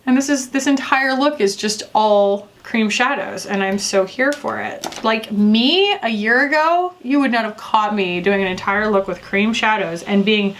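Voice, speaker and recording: A woman's voice: medium pitch, measured pace, hardly any pauses, a little hiss or hum. A young woman beauty reviewer chatting casually and rambling with lots of fillers while doing her makeup.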